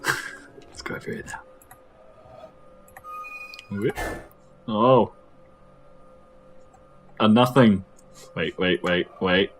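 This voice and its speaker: A man's voice: on the low side, drawn-out words, long pauses, slight background noise. A man playing a puzzle game and chatting casually, joking around and muttering nonsense sounds while he thinks. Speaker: player of the game. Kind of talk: casual gameplay chat.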